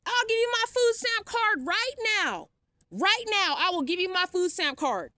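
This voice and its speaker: Woman, sarcastic blunt rant, dry close sound, sharp bright tone. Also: very high-pitched, very animated, unhurried, no echo. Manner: defiant, sarcastic, blunt with profanity. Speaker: vlogger. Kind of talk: ranting vlog monologue.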